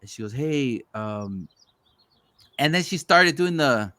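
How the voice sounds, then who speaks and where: A man's voice: a little high, lively intonation, fairly quick, bright, forceful tone, no room sound. A man hosting a podcast, telling stories in casual chat, swearing freely and acting out other people's lines. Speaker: podcast host.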